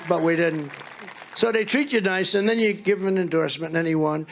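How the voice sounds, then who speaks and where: A man's voice: sits high, brisk, some chatter behind, a little hiss or hum. A man giving a rally speech as a political speaker, telling rambling, mocking stories and acting out the dialogue.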